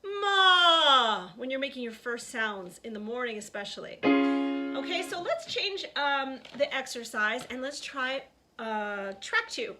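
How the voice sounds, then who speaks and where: High-voiced woman teaching singing at the piano. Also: lively intonation, unhurried. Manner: talks, then sings vocal warm-up syllables over piano.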